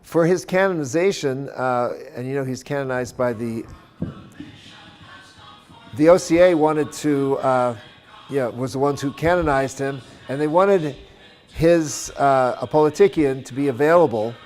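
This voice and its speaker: A man with an unhurried, mid-range, darkish voice gives a conference-center lecture on church music. He explains things step by step, checks in with "okay?" again and again, and sings brief chant examples.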